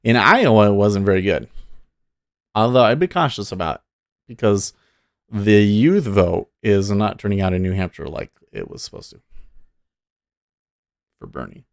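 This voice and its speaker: A man's voice: fairly low pitch, lively intonation, moderate pace, creaky, pauses often, no echo, clean studio sound. A man hosting a live day-trading stream, thinking aloud and cheering on his trades in easy casual chat.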